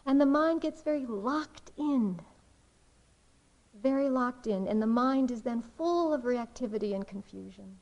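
A woman meditation teacher giving a dharma talk in a slow, reflective way, with soft pauses. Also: on the high side, animated, highs cut off.

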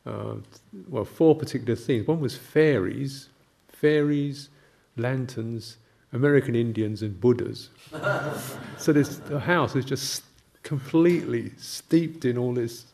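An older man, a Buddhist monk, giving a gentle, halting reflective talk with anecdotes and soft laughs. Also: mid-range voice, vocal fry.

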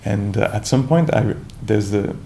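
Gravelly, mellow-voiced meditation teacher. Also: male voice, fairly low pitch, moderate pace, a little hiss or hum. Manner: calm, reflective, searching with many restarts and "you know". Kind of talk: dharma talk.

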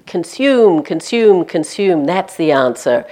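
A woman voicing a brash male prankster who preaches shopping through a megaphone, loud and mocking, barking repeated commands. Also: fairly low pitch, big pitch swings, slow pace, full character voice. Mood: mocking, shouty.

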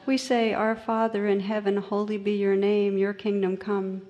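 A woman's voice: mid-range voice, level tone, moderate pace, big-room sound, lo-fi sound, close to an everyday voice. A woman voicing three humble island fishermen who speak earnest, broken English. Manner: broken simple English, eager.

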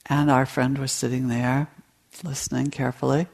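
A woman meditation teacher giving a dharma talk to retreat participants, in a slow, storytelling delivery. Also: a bass voice, level tone, vocal fry, a little mellow, breathy edge.

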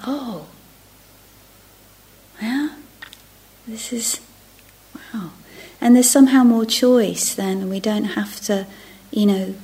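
A woman's voice: medium pitch, gravelly, warm tone, slightly rough. A middle-aged woman giving a reflective dharma talk as a meditation teacher. She often drops to a near-whisper and restarts her phrases. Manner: self-interrupting, restarting phrases. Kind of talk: dharma talk to a retreat group.

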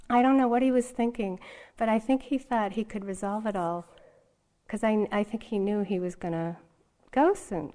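A woman's voice: mid-range voice, mellow. A woman meditation teacher giving a dharma talk, telling a personal story in a candid, rambling way full of fillers and restarts.

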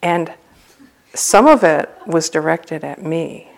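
A woman's voice: deep voice, animated, slow, gravelly. A woman meditation teacher giving a dharma talk at a retreat center, telling a personal story in a humorous, loose, conversational way.

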